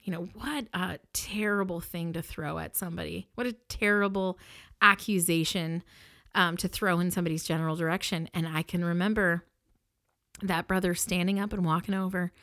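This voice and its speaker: A woman with a bright, crisp voice hosts a podcast and tells a personal story close to her microphone. She speaks expressively and with emphasis, laughing often and restarting her sentences as she goes. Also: fairly low pitch, steady tone, normal speed. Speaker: podcast host.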